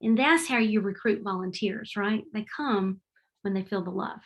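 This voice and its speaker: A middle-aged woman giving a heartfelt, animated presentation over a video call. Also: mid-range voice, moderate pace. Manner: warm, heartfelt and animated, with faith-tinged phrasing. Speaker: presenter at a webinar. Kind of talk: presentation with slides. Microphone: remote video call.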